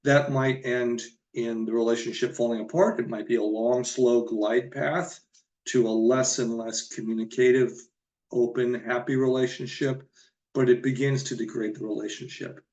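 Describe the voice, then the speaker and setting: A man's voice: medium pitch, steady tone, normal speed, darkish tone, roomy sound, lo-fi sound. A man giving an earnest, emphatic solo talk to camera about relationships, stressing and repeating his main points like a counselor.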